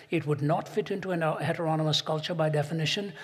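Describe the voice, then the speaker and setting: A man giving a Christian talk to an audience, arguing his point and telling stories, slowing down and pressing hard on key phrases. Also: on the high side, steady tone, husky. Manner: rhetorical, storytelling, slows and presses for emphasis. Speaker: Christian speaker. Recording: long hall reverb.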